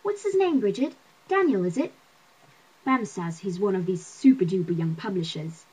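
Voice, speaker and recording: A woman reading the part of a chatty, pushy middle-aged neighbor who laughs at her own jokes, with a husky voice. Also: mid-range voice, expressive, moderate pace, warm tone, low-quality recording. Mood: gossipy.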